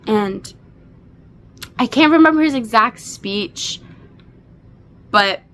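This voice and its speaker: Slow-talking young woman gushing over a book. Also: a little high, animated, a bit bright, a little hiss or hum. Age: 20s. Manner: gushing and emotional, many fillers. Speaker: book reviewer. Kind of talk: casual book recap.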